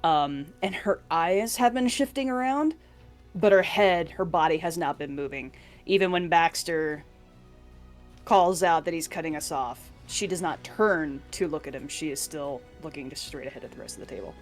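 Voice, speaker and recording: Low-voiced woman describing her character. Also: faint music behind. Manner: measured, descriptive, with fillers. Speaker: tabletop game player. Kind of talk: casual role-play chat.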